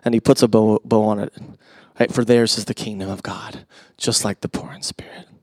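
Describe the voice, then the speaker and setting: A middle-aged male pastor preaching a sermon, conversational with asides to the congregation, swinging from loud emphasis to hushed near-whispers. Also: on the low side, little pitch movement, fairly quick, no room sound.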